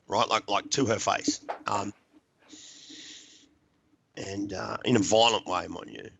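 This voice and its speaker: A man's voice: lowish voice, creaky, fairly bright tone, muffled recording, a little hiss or hum. An Australian man, a podcast guest, tells his life story bluntly and emphatically, swearing often and dropping in "mate" and "right?". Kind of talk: personal storytelling.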